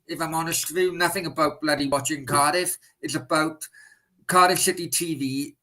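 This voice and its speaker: A man's voice: fairly high pitch, bright, forceful tone, poor audio. A man hosting a live stream, answering viewer questions in blunt, casual chat and swearing freely.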